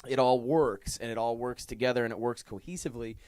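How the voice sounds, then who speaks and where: A man's voice: mid-range voice, quick pace, darkish tone, dry recording. A man hosting a music show from a garage studio, chatting casually, joking and teasing his guest. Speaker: show host. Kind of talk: casual interview chat.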